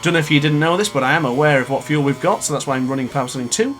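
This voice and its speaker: A man's voice: a little high, very fast, fairly bright tone, a little hiss or hum. A man in his late twenties commentating his own racing game live, ranting in frustration between exasperated laughs. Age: 20s. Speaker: gaming YouTuber.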